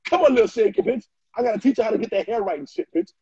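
A man doing a loud, flamboyant ranting reaction video, trading in trash talk and frequent shouting. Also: high-pitched, lively intonation, racing, slightly rough, no echo. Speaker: social media personality. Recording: muffled lo-fi dry recording.

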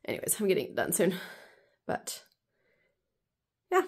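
A woman's voice: lowish voice, wildly swooping pitch, normal speed, gravelly, slightly rough. A woman in her thirties chatting casually in a home vlog, rambling with lots of fillers. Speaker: vlogger.

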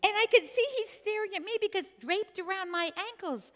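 A woman's voice: very high-pitched, brisk. An older woman from New Jersey telling a funny story on stage, chatty and teasing her audience. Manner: animated, chatty, teases the audience. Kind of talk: humorous live storytelling. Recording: long hall reverb.

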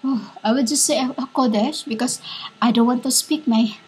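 A woman delivering a fervent prophetic declaration in a halting, repetitive way, speaking as if she were a divine voice. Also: on the high side, darkish tone, slightly rough. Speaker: self-styled prophet.

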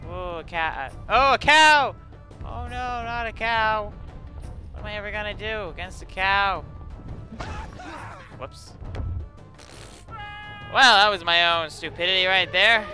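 A man giving excited, playful gameplay commentary on a let's play, taunting his opponent and shouting when things happen. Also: sits high, takes it slowly, pauses often, soft background music. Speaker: gamer doing a let's play.

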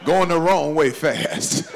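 Lively, gravelly-voiced male comedian. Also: fairly high pitch, slow, noisy background. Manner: animated storytelling, shouting punchlines. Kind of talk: stand-up comedy. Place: church event hall before a live audience.

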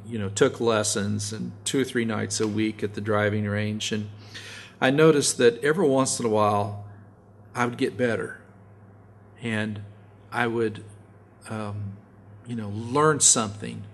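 A middle-aged man preaching a sermon, telling stories in a folksy way and rising loud and high to stress his points. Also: a little hiss or hum. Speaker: pastor.

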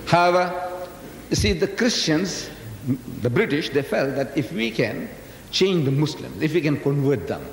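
An older Islamic lecturer from South Africa, of Indian descent, gives a public talk in a large lecture hall, folksy and teasing and often putting questions straight to his audience. His voice is a little high, sing-song and gravelly, and he speaks a little slowly. The 1980s live recording is echoey, with slight background noise.

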